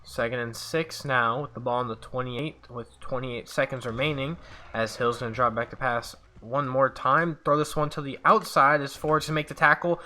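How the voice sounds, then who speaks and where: Bright-voiced man calling his own game. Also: medium pitch, steady tone, normal speed. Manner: sportscaster-style play-by-play that slips into frustrated venting with sighs. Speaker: gamer doing play-by-play of his own game. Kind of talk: casual video game commentary.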